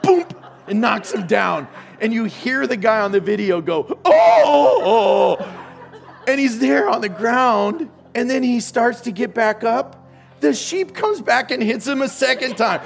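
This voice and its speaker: A man preaching a sermon as pastor, joking and telling stories with sudden loud outbursts. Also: extremely high pitch, animated, measured pace, gravelly, faint music behind.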